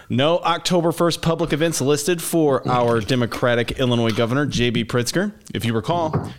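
A man co-hosting a podcast who reads a local news rundown and trades wry, laid-back banter. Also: mid-range voice.

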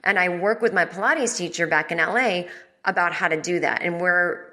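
Lady comic ranting on her podcast, kinda low pitch, sharp bright tone, cusses a lot. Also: normal speed. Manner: rambling, exasperated, swears freely. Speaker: podcast host. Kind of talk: casual comedic storytelling. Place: at home.

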